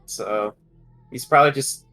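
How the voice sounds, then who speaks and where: Hesitant man player, middle pitch. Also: a little slow, pushed and bright, faint music behind, poor audio. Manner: hesitant, thinking aloud. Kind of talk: casual tabletop play.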